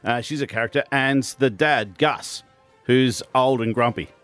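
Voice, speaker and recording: A man co-hosting a radio show at a middle pitch. He explains things haltingly, with many fillers and restarts. Faint music plays behind him. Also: fairly bright tone, clean tone. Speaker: radio co-host. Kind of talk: casual radio banter.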